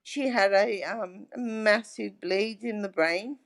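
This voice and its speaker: A woman's voice: mid-range voice, slow, vocal fry. A middle-aged woman talking as a guest in a casual interview, telling stories in a chatty way and often checking in with "right?". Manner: chatty storyteller, tags lines with "right?".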